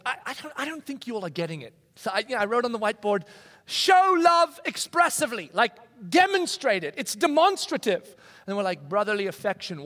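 A man preaching a sermon in a conversational, animated way, acting out quoted voices. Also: sits high. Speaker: pastor. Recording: long reverb of a large hall.

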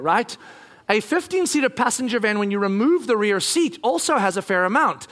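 A middle-aged man preaching a sermon, telling a family story in an animated, joking way and acting out the voices. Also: sits high. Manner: animated, jokey, acts out voices. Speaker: pastor.

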